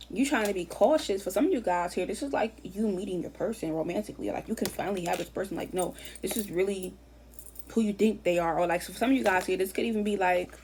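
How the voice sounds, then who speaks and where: Rambling, fast-talking woman tarot reader. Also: medium pitch, a little mellow, a little hiss or hum. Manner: chatty, rambling, repeats phrases; casual slang and swearing. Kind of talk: casual tarot reading.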